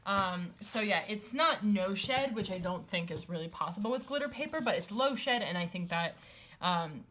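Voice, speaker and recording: A woman's voice: medium pitch, expressive, normal speed, fairly bright tone. A woman in a casual chat, showing off a stationery haul, rambling with many fillers and restarts, and gushing over the items.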